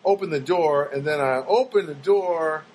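A man's voice: fairly high pitch, moderate pace, darkish tone, slight background noise. A man telling meandering comic stories in a wry, self-mocking monologue, acting out the people he quotes.

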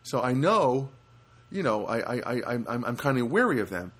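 Animated rambling man hosting a podcast. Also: mid-range voice, moderate pace, husky. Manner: rambling, with many restarts and animated quoted voices. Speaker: podcast host. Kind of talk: casual storytelling monologue. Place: studio apartment.

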